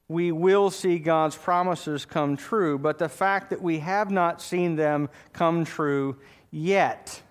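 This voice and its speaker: A man's voice: fairly high pitch, clean tone. A man preaching a sermon as pastor, emphatic and calling out for amens from his congregation. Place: church.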